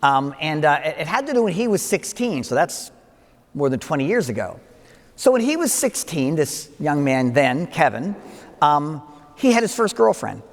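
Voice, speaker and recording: An older priest gives a wedding homily, his voice fairly high and rising and falling with lively expression. He tells a story full of asides and gentle humor, and his words ring on in a long church reverb. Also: normal speed.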